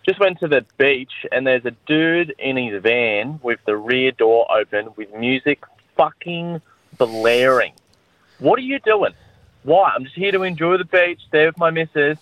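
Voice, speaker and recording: A man's voice: fairly high pitch, no echo, muffled recording. A man with an Australian accent leaving an indignant, ranting call-in message to a podcast. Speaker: caller.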